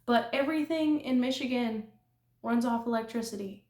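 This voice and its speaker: With a slightly high, somewhat mellow voice at a moderate pace, a young California nail artist rambles to her viewers in casual chat. She giggles frequently and tosses in self-deprecating asides, and her apartment room gives the recording an echo.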